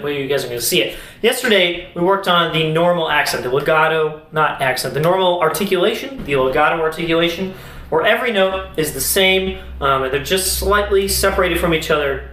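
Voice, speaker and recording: Young man teaching music in an echoey room. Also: a little high. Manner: relaxed, explains while demonstrating on an instrument. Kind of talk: casual video lesson.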